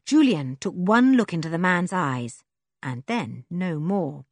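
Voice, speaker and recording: A woman narrating a children's adventure audiobook with expressive storytelling. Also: fairly low pitch, measured pace, no room sound, clean studio sound.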